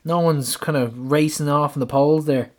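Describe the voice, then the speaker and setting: A man's voice: fairly high pitch, fairly even intonation, normal speed. A man with an Irish accent, co-hosting a podcast in casual chat, telling stories with laughter. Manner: chatty, laughing storyteller. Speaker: podcast co-host.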